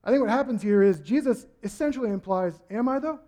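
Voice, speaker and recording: A male pastor preaching a sermon, acting out quotes and building to shouts. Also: very high voice, fast talker. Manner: animated, acts out quotes with rising shouts.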